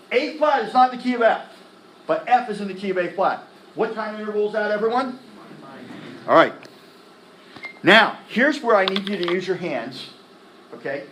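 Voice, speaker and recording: A man teaching music theory in a classroom lecture, animated, firing quick questions at the students and tossing in slang. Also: high-pitched, slight background noise. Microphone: laptop recording the lecture. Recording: echoey classroom from a distance.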